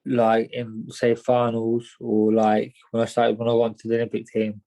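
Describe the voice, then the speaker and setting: A young man telling his story as a podcast guest, mid-pitched and plain, tripping over his words and restarting often. He talks in a loose, rambling way, tossing in "mate" and "do you know what I mean" as he goes. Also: monotone, normal speed, dark tone, poor audio. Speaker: guest, boxer. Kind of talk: casual storytelling.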